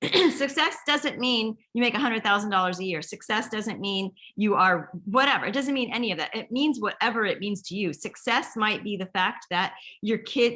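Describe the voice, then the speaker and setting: A middle-aged woman with a mid-range, pushed, bright voice leads a direct sales team. Her motivational training talk is chatty and rambling, full of stories.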